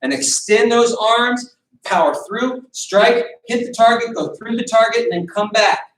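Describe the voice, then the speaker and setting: A man's voice: very high voice, unhurried. A man teaching a beginner boxing class over a video call, calling out counts and commands as he coaches. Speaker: martial arts instructor. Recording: echoey room, distant mic.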